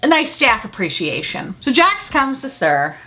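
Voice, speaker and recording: A woman's voice: fairly high pitch, very animated, moderate pace, sharp tone, soft background music. A woman casually recapping a reality show, sarcastic, swearing freely and laughing often as she acts out quotes.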